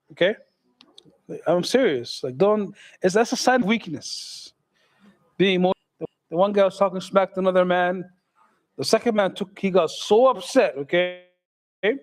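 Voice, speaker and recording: A middle-aged man, an imam, giving a casual, joking sermon in a mosque hall and putting questions to the audience. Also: high voice.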